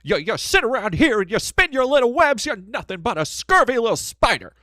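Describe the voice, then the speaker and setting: A man's voice: very high-pitched, very animated, pushed and bright, dry recording, clean studio sound, voice pushed up, exaggerated voice. A man imitating a stammering, earnest classic-film leading man who pleads and ends his lines with "see?". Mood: scolding. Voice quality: halting, stammering. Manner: pleading, drawling "see?" tags.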